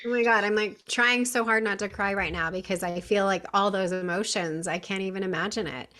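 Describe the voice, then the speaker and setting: A woman hosting a podcast interview, asking quick, empathetic follow-up questions. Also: medium pitch, fairly even intonation, pushed and bright. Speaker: podcast host.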